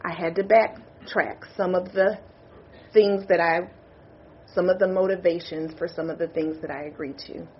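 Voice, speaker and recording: A woman's voice: on the low side, steady tone, moderate pace, lo-fi sound, slight background noise. Tearful woman trustee apologizing. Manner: emotional, apologetic, tearful confession. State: crying. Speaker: university board trustee. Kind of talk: public board meeting statement. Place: meeting room.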